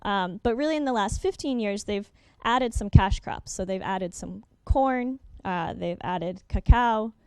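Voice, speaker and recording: Quick, smooth-voiced woman presenting. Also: medium pitch, darkish tone, dry recording. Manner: quick, with many ums and uhs, self-correcting. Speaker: workshop presenter. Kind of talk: conference presentation with slides.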